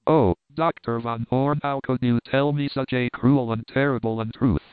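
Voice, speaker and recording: A proud young woman, frightened yet formal and pleading, as a male reader gives her lines. The voice is smooth and sits at an ordinary pitch. It comes through a narrow, phone-like band in a dry, close space. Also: steady tone, normal speed, no room sound, close to an everyday voice. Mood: distressed.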